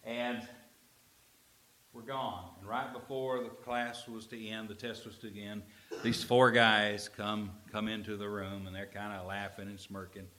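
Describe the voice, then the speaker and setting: A man preaching a sermon, telling a story and swinging between quiet asides and loud emphatic lines. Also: fairly low pitch, little pitch movement, a little slow. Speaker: pastor.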